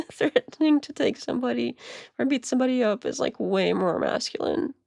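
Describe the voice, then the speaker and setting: Woman streamer, gravelly voice, a bit high, dry close sound, rambling commentary. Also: lively intonation, moderate pace, a little mellow, no echo. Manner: rambling, many restarts and laughs. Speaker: streamer reacting to clips. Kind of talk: casual commentary.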